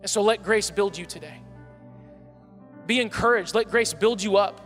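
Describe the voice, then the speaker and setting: A male pastor preaching an earnest sermon, stacking repeated phrases for emphasis. His voice sits very high and sounds bright and forceful. It carries a long reverb from the church sanctuary. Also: normal speed, soft background music.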